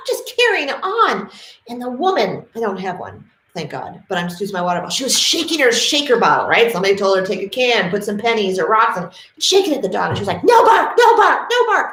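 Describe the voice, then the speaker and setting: A middle-aged woman from New England speaks straight to camera about dogs, animated and passionate. She tells stories and briefly acts out the people in them. The room around her sounds roomy and echoey. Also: medium pitch. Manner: animated, passionate storytelling with acted quotes. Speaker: dog trainer. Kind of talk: casual talk to camera. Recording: roomy echo.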